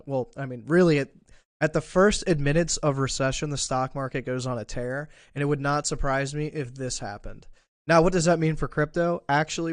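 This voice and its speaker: Hiccuping his way through a live stream, a crypto trader muses casually over the markets, leaning on fillers and frequent restarts. He speaks at a medium pitch with no room sound in the recording.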